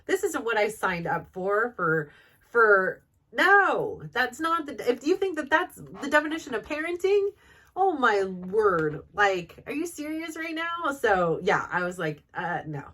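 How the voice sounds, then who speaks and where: A woman's voice: a little high, big pitch swings, unhurried, a bit bright. A middle-aged woman and mother vlogging in a chatty, rambling way, full of fillers and quoted dialogue. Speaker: vlogger and mom. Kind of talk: casual chat.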